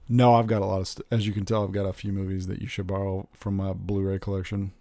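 A man in casual chat, rambling and excitable, swearing freely as he talks about movies. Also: low voice, fast, few pauses, no echo. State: recently recovered from covid.

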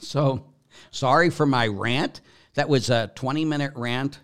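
A man, a Catholic priest hosting a podcast, talks bluntly and with passion, moving from loud emphatic lines to near-whispers. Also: medium pitch, unhurried. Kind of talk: podcast monologue answering questions.

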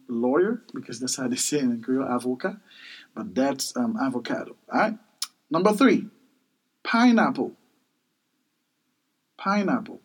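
A man hosting a podcast language lesson, repeating each word several times in a slow, animated way. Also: mid-range voice, slightly rough, poor audio. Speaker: language teacher, podcast host. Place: Miami.

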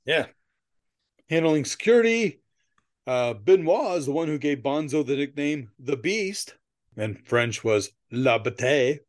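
A man's voice: a little high, lively intonation, a little slow. A man co-hosting a podcast in casual chat, telling stories in a rambling way, laughing often and swearing casually. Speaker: podcast co-host.

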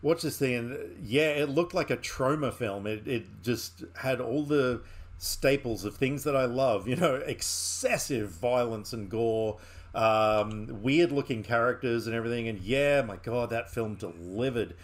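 A man's voice: mid-range voice, measured pace. A man co-hosting a film podcast, chatting casually and enthusiastically with lots of fillers and restarts. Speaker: podcast co-host.

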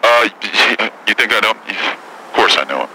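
A man's voice: fairly low pitch, expressive, fairly quick, pushed and bright, a little hiss or hum, rough recording. A man doing a comedy impression of a brash, touchy female celebrity talk host who swears and gets defensive.

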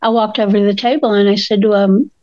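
A woman's voice: medium pitch, a little fast, no echo, lo-fi sound. An older woman co-hosting a casual chat, telling stories and acting out the quotes in them. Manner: animated storyteller, acts out quotes. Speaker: co-host.

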